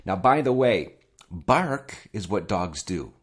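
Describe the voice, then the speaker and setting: Man, deep voice, animated intonation, English lesson host, chatty, repeats words for learners. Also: takes it slowly, slightly rough. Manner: addresses listeners directly. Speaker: English teacher, podcast host. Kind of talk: relaxed spoken English lesson.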